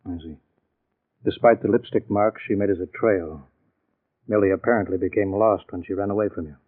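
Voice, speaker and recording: A calm, shrewd captain. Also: male voice, deep voice, fairly quick. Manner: calm, probing. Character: calm, shrewd middle-aged police captain. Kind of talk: 1940s radio acting. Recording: tinny old radio recording.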